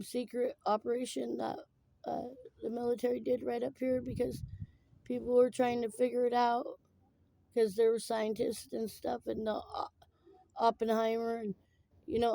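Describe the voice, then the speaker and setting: A woman talking in a personal vlog, tearful after crying, rambling and halting with many fillers. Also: on the high side, creaky, mellow, no echo.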